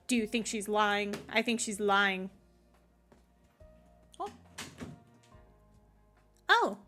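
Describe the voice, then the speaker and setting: A woman's voice: mid-range voice, sing-song, drawn-out words, long pauses, pushed and bright, faint music behind. A woman streamer chatting casually over a game and talking to her cat.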